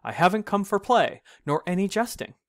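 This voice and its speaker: A man's voice: high voice, very animated, moderate pace, dry recording, pitched above the performer's own voice. A man voicing a timid, frightened little male hare in a storybook reading, talking in a breathless, protesting way. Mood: panicked.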